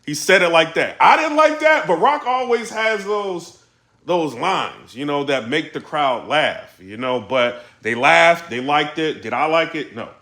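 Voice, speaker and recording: A man giving a casual recap of a rap battle as host of his channel, animated, repeating lines and breaking into loud outbursts. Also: fairly high pitch, a little slow, roomy sound.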